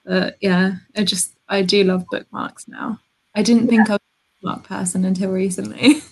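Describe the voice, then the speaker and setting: A woman chats easily with friends on a video call. She chimes in often and stays relaxed. Her voice is gravelly and husky. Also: medium pitch, normal speed, poor audio. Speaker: guest booktuber. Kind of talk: casual chat on a live stream.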